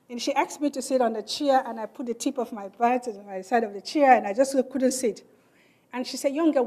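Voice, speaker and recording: A middle-aged Nigerian woman giving a speech in a large hall, telling her life story earnestly and acting out the people in it. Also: on the high side. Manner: earnest, animated storytelling with quoted dialogue. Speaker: keynote speaker.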